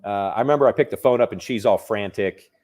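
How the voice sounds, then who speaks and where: A real estate investor recounting a personal story in a casual, conversational way, full of restarts and fillers. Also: male voice, fairly low pitch, fast, a little mellow.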